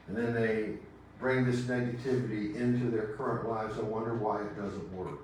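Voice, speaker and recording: A man with a Texan accent preaching a sermon as pastor, speaking gently and reflectively with long pauses. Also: lowish voice, fairly even intonation, slight background noise. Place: church sanctuary. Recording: echoey church sanctuary, distant mic.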